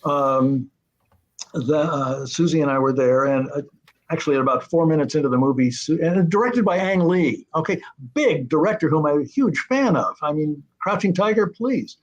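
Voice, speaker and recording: An older man spins showbiz anecdotes over a muffled, lo-fi remote connection. His voice sits a little high for a man, and he jumps into the voices of the people he quotes. It sounds like a guest who has told these stories before and loves telling them. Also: normal speed. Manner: animated, acts out quoted voices. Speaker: guest, TV series creator. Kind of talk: anecdotal storytelling. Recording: muffled lo-fi audio.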